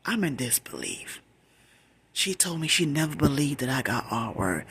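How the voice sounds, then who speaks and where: Breathy whispering middle-aged woman storyteller. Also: low voice, lively intonation, unhurried, fairly bright tone. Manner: emphatic, conversational, repeats for stress.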